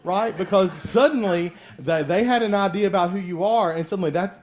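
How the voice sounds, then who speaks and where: A man's voice: high-pitched, brisk, few pauses. A middle-aged male pastor giving a conversational sermon, acting out the voices of people in the story he tells.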